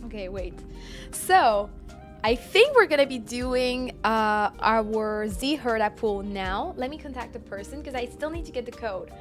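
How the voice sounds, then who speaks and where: A woman's voice: fairly high pitch, expressive, measured pace, soft background music. A young adult woman from France with a French accent, chatting casually on a live stream, reading chat aloud and laughing often.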